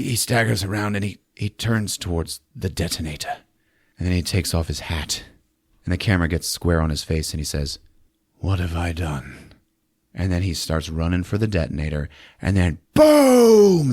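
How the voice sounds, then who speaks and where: A man hosting a podcast who recaps a movie in casual, animated speech, swearing and acting out the scenes. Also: low-pitched, no echo, clean studio sound. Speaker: podcast host. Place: podcast studio.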